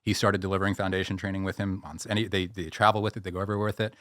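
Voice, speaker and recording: A man with a somewhat low voice talks as the expert guest on a podcast. He tells stories in an animated way and often restarts his sentences. The sound is close and dry. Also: racing, dry recording. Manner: animated storyteller, many restarts. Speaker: guest, posture and pain-relief expert. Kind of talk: podcast interview.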